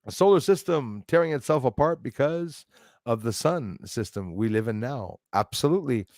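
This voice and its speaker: In a studio-quality recording with no room sound, a man with a mid-range, darkish, expressive voice hosts a live stream at a moderate pace. He reads chat messages aloud, rambles casually, laughs frequently, and trails off partway through thoughts.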